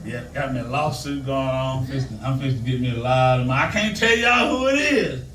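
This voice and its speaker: A man's voice: mid-range voice, animated, fairly quick, a bit bright, slight background noise. An older man doing a stand-up comedy set on stage, telling loose, rambling stories to a live audience. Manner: loose, storytelling, Southern-flavored delivery. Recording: echoey room, mic heard from a distance.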